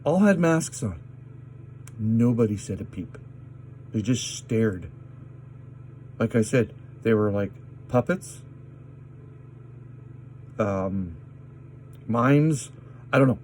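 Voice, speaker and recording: A man telling a personal story in an agitated, indignant way, with many pauses. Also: on the low side, expressive, a little mellow, slight background noise. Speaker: vlogger. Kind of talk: personal story told to camera.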